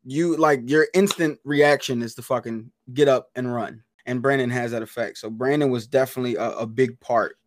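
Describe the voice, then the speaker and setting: A man co-hosting a podcast, telling stories in a loud, profane, animated way, full of slang and swearing. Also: mid-range voice, normal speed, hardly any pauses, no echo. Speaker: podcast co-host. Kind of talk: casual chat.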